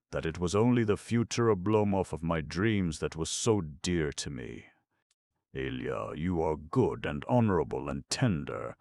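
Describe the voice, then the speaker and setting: A man's voice: extremely low pitch, no echo, clean studio sound, exaggerated voice. A man voicing a tearful young woman who pleads and reproaches in an emotional, raised voice.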